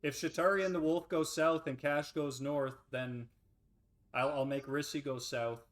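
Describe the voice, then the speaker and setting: A man narrating and describing scenes as game master of a tabletop role-playing game, relaxed, with frequent ums and uhs. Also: a little high, moderate pace.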